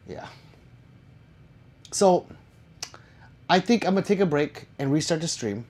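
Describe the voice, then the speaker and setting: A man's voice: fairly high pitch, lively intonation, a little slow, pauses often, a little mellow. A man chatting casually on a live stream, reading viewer comments aloud and answering them with jokes and swearing.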